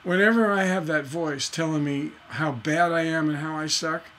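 A man teaching songwriting in a casual, animated way, acting out scenes as he talks. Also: on the high side, normal speed, a little hiss or hum. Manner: animated storytelling, acts out voices. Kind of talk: casual instructional talk.

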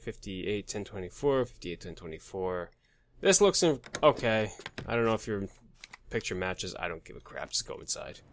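A man's voice: lowish voice, no echo. A man hosting a let's play, joking crudely and muttering names and numbers while he plays. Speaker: gaming channel host.

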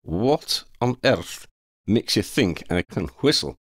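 A man voicing a sardonic, grumbling male talking cat in an audiobook, raising his pitch a little. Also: big pitch swings, takes it slowly, breathy edge, no room sound, exaggerated voice. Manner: dry, grumbling retorts.

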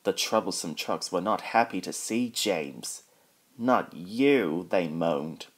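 Slow, low-voiced man reading a storybook. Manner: reads every character in his own voice, slow and even. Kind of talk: storybook read-aloud.

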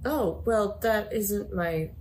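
A woman's voice: medium pitch, slow pace, background noise, lightly acted. A woman voicing a baffled, tired young female coworker who just wants coffee, talking in a hesitant, stammering way.

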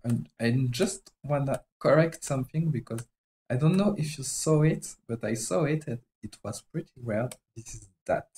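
A man from France speaks in a French accent, his voice pitched in the middle range. He chats casually on a live stream as he works, halting often as he searches for the right English words. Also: mellow, a little hiss or hum, rough recording. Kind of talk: casual live-stream chat while drawing.

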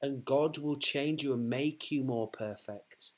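Husky-voiced man preaching earnestly. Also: medium pitch, unhurried. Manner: fervent, repetitive, restarts mid-sentence.

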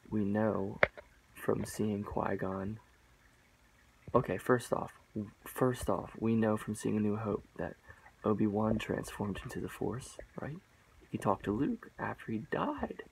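A man's voice: fairly low pitch, slow, vocal fry, a little hiss or hum, rough recording. A man giving a rambling, emphatic mock-sermon monologue, repeating himself and calling viewers guys and bro.

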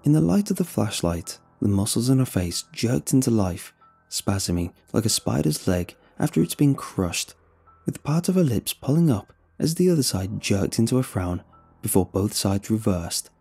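A man narrating a horror story in a measured, dramatic way. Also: fairly low pitch, vocal fry, warm tone, slightly rough.

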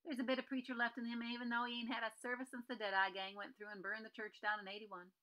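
A woman voicing a sharp, determined young frontier woman with a brash western drawl. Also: fairly high pitch, level tone, fast, dull audio, lightly acted.

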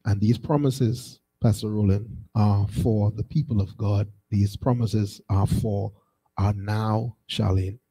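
A male pastor preaching a sermon, calling on the congregation and rising into shouted, sung cadences. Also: fairly low pitch, slightly rough, rough recording.

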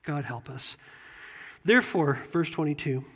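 A man's voice: fairly high pitch, a little slow, a bit bright, husky, long reverb tail. A man preaching a sermon as a pastor, talking conversationally and repeating phrases for emphasis. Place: church sanctuary.

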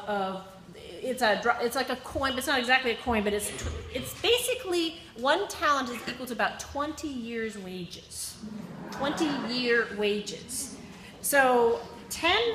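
A woman's voice: on the high side, noisy background. A woman teaching a Bible class, reading scripture aloud and explaining it in loose, self-correcting asides. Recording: echoey room.

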